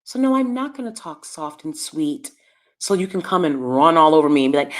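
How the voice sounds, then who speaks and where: Animated, fairly quick, and a bit bright, this middle-aged YouTube commentary host speaks straight to camera in a casual, blunt monologue. She lectures, alternating quiet asides with emphatic bursts.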